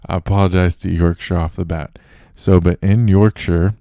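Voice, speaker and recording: A man's voice: sits low, fairly even intonation, normal speed, gravelly, dark tone, clean tone, no echo. A man hosting a show alone, talking casually and loosely with fillers and restarts. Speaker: host. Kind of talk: casual solo podcast monologue.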